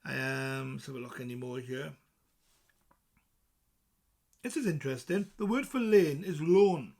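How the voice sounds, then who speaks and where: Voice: medium pitch, measured pace, vocal fry, a little mellow. A presenter from South Wales with a South Welsh accent, explaining things in a chatty, casual way and reading points from a list with asides.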